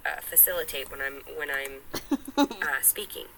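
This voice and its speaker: A woman's voice: low voice, normal speed, a bit bright, a little hiss or hum, rough recording. A woman in a clip from a vlog, talking in a rambling, self-important way. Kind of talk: casual vlog monologue.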